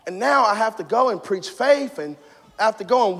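A man preaching a sermon in a church, moving between shouted passionate peaks and hushed personal storytelling. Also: high voice, animated, brisk, gravelly, big-room sound. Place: church sanctuary.

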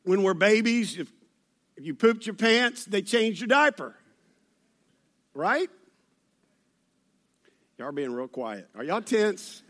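A man's voice: sits high, big pitch swings, takes it slowly, pauses often, fairly bright tone. A man preaching a sermon to his church, talking conversationally and joking with the congregation. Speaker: pastor. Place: church service.

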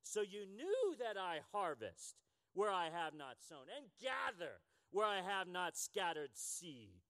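A man in his fifties reading the part of a stern master of servants, with dramatic swings in pitch. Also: wildly swooping pitch, slow, fairly bright tone, long reverb tail, exaggerated voice. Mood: scolding.

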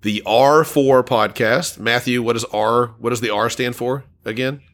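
Bright-voiced man co-hosting a podcast. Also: mid-range voice, fairly even intonation, a little slow. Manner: laughs often, reads listener comments aloud. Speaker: podcast co-host. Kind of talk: casual podcast chat.

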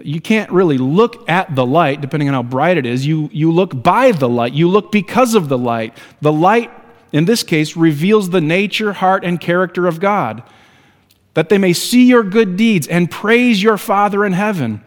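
A man's voice: high voice, lively intonation, normal speed, in a large hall. A man preaching a sermon as a pastor, earnest and building to emphatic exhortation.

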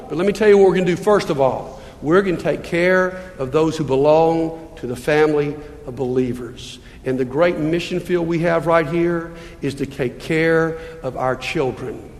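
A male pastor with a high voice preaches a sermon in a church sanctuary, the hall's long reverb trailing his words. His manner is earnest and pleading, full of rhetorical questions.

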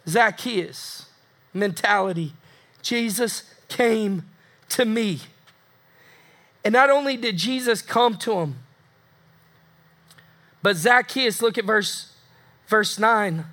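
A man's voice: high voice, pushed and bright. A man preaching a sermon as pastor, emphatic, repeating phrases for effect and acting out the voices of people in the story.

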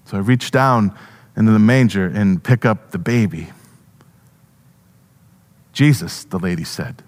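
A male pastor giving a first-person storytelling sermon, animated with halting restarts. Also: on the low side.

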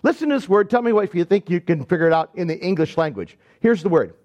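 A man from Michigan preaching a sermon to his congregation, telling a story in a conversational, animated way and talking directly to the people. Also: sits high, quick pace, highs cut off. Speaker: pastor. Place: church sanctuary.

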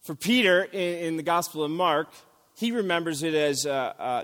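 Male pastor, fairly high voice, long church echo, sermon delivery. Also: moderate pace, fairly bright tone. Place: church sanctuary.

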